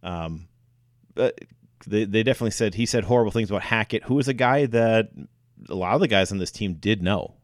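A man's voice: on the low side, a little fast, no room sound, clean studio sound. A man co-hosting a sports podcast, talking football casually with frequent fillers and restarts. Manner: hesitant, many fillers and restarts.

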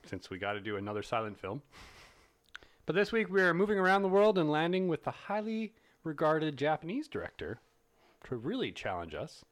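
A man co-hosting a casual film podcast, talking in an animated, playful way and laughing often. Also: fairly high pitch, brisk. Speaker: podcast co-host. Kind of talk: casual chat.

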